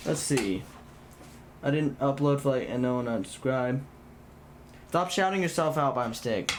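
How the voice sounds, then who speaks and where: With lively intonation and a moderate pace, a medium-pitched young man chats with viewers as he assembles a computer on a livestream. He's blunt and rambling, swears, and restarts sentences, and there's a little hiss or hum.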